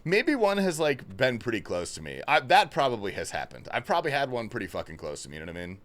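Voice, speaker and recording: Lively joking livestream host man. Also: mid-range voice, quick pace. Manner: loose, joking, swears a lot; reads and thanks chat messages. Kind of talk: casual livestream chat.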